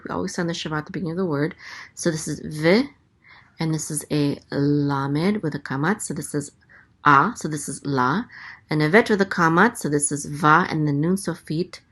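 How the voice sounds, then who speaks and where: A woman teaching a language lesson, sounding out letters and vowels slowly and carefully, with frequent hesitations. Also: deep voice, a bit bright. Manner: hesitant, many ums, slow careful sounding-out. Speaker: Hebrew teacher. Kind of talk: casual teaching, spelling out letters.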